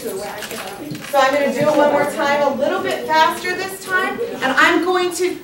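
A woman teacher leading a classroom lesson, encouraging her students and calling on them by name. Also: high-pitched. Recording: echoey classroom, distant mic, background noise.

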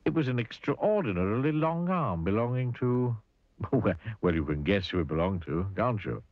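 A man reading a children's storybook aloud in an animated way, asking the listener questions. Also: lowish voice, normal speed, dry recording, dull audio. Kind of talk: storybook read-aloud narration.

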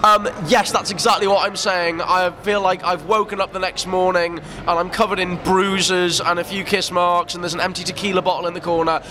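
A comedian chatting in a casual interview, talking in a hesitant, rambling way. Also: male voice, high voice, flat delivery, fairly quick, few pauses, music in the background. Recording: noisy crowd behind.

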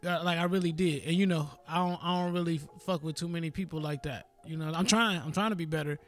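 A man's voice: on the high side, fairly even intonation, quick pace, a bit bright. A man hosting a podcast, talking in loose, profane, joking banter with his co-host. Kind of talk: casual chat.

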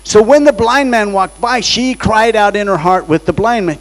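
A man's voice: high-pitched, moderate pace, low-quality recording. A man preaching as a guest in church, telling a story dramatically and acting out the voices he quotes. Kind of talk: storytelling sermon. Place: church sanctuary.

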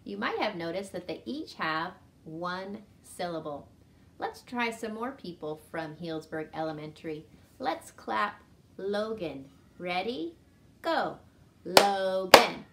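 Woman teacher for a kids' reading lesson, slow and sing-song, light background hiss. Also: fairly low pitch, animated, creaky, a bit bright. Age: adult with a son. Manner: slow and sing-song, clapping syllables aloud. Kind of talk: children's lesson.

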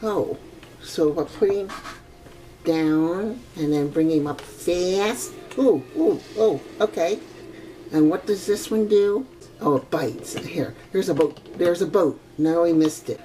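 A woman's voice: on the low side, slow, dark tone, a little hiss or hum. An older grandmother casually commenting as she plays a video game, chatty and exclamatory, with old-fashioned oaths and frequent giggles. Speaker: gaming grandmother.

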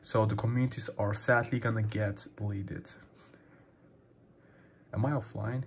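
A man's voice: on the low side, steady tone, unhurried, vocal fry, a little hiss or hum. A young man hosting a casual gaming tip video, rambling and calling his viewers guys, a little out of breath. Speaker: gaming channel host.

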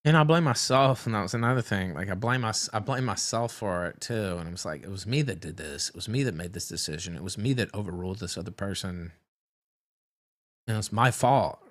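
A man hosting a livestream, telling a personal story in a halting, rambling way with many restarts. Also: fairly low pitch. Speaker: livestream host.

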